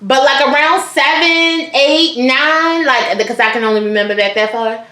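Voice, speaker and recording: Frank high-voiced woman co-host. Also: moderate pace, bright, forceful tone. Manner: frank, profane, chatty. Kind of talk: casual chat. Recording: roomy echoey room.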